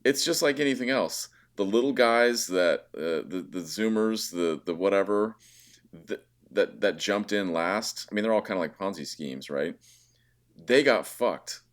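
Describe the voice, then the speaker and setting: A man's voice: fairly low pitch, animated, unhurried. A man guest on a podcast, talking casually in a sardonic, scornful way. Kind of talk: casual conversation.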